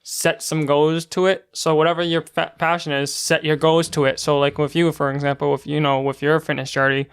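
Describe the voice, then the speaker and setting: A man's voice: a little high, level tone, brisk, hardly any pauses, clean tone. A young man co-hosting a podcast, rambling in casual chat with lots of filler words. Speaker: podcast co-host.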